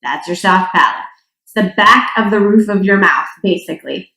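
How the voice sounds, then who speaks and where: A woman's voice: medium pitch, expressive, normal speed, vocal fry, sharp tone. Chatty woman voice teacher, echoey room. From North Dakota. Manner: chatty, demonstrates yawning vocal sounds. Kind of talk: singing lesson.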